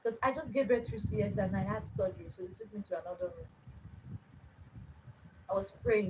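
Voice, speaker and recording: A woman's voice: medium pitch, brisk, pauses often, distant mic, background noise. A young adult woman hosting her own channel, telling a personal story in an earnest way, repeating phrases for emphasis. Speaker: channel host.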